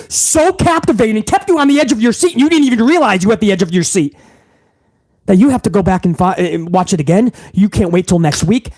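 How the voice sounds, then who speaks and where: A man's voice: extremely high pitch, darkish tone. A man hosting a wrestling vlog, ranting in heated, profane commentary.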